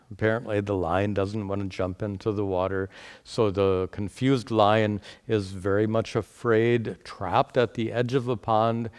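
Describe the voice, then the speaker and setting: A man teaching a spiritual lecture, retelling a parable in a deliberate, explanatory way. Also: fairly low pitch. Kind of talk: lecture with storytelling.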